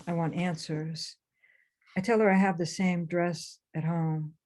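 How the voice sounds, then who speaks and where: A woman author reading her own memoir aloud for a webinar, in a measured, intense first-person delivery. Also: fairly low pitch, fairly even intonation, a little mellow. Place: remote webinar.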